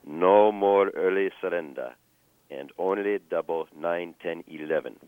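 A man voicing a gruff male Ukrainian pit manager in clipped, broken English with a Ukrainian accent. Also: sits low, a little slow, no echo, phone-quality sound. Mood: curt.

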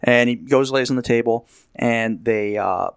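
A man's voice: medium pitch, a little slow, vocal fry, smooth, no echo. Man with a dry voice, rambling anecdote. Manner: rambling storyteller, acts out quotes. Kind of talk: casual anecdote. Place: Las Vegas.

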